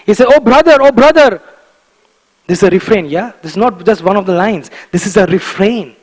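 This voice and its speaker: A man giving a devotional morning class in a temple, emphatic and animated, repeating key words for stress and often chuckling. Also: high-pitched, fast talker, slightly rough, long reverb tail, low-quality recording. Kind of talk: devotional lecture. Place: temple hall.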